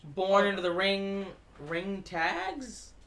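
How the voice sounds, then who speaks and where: A man's voice: high voice, lively intonation, slow pace, a bit bright, roomy sound. A man co-hosting a live-streamed chat, agreeing often and finishing his partner's sentences. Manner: chimes in with agreement and finishes the other host's sentences, swears casually. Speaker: podcast co-host. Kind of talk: casual chat. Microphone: desk microphone on a live stream.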